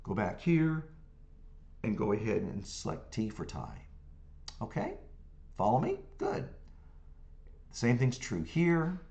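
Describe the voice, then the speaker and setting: A man teaching music notation software step by step, humming rhythms as syllables and checking in with the viewer as he works. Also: mid-range voice, wildly swooping pitch, slow, vocal fry, long pauses. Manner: talks through clicks step by step, hums rhythms as syllables. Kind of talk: screen-recorded software tutorial.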